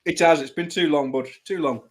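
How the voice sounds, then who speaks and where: A man's voice: on the high side, fairly quick. A male host in casual chat, teasing and bantering with his guest.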